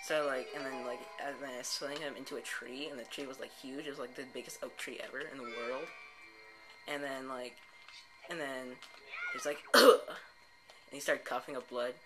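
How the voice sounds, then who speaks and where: Rambling let's play storyteller, lots of fillers, mid pitch, game music bed. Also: fairly even intonation, moderate pace, poor audio.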